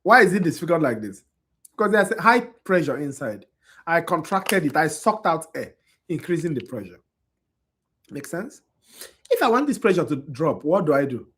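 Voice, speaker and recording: A man's voice: on the high side, sing-song, normal speed, a bit bright, a little hiss or hum. A tired man lecturing on anatomy to a class, quizzing his students and often checking whether they understand. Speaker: anatomy instructor.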